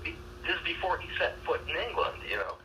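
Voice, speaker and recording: Animated man talking casually, distant noisy mic. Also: fairly high pitch, fast talker, crowd noise. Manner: animated, repeats words while thinking. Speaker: podcast co-host. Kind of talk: casual chat. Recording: distant mic with noticeable background noise.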